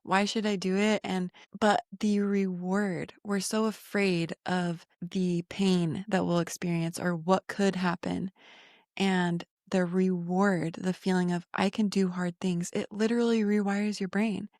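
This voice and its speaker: A woman co-hosting a podcast, telling a personal story in a casual, animated way and acting out the voices in it. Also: on the low side, a little slow, vocal fry, dry recording, clean studio sound. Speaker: podcast co-host.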